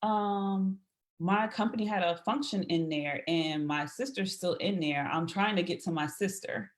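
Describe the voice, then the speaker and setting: Her voice is lowish and her pace measured as she tells relaxed stories on a podcast. The woman guest brings her anecdotes to life by imitating the voices of the people involved.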